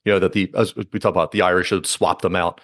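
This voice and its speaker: A man hosts a loose, casual podcast chat, rambling from one idea to the next with plenty of fillers. His voice sits a little low and he talks quickly, in a dry, close sound. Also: steady tone, a bit bright, no echo. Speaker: podcast host. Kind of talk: casual conversation.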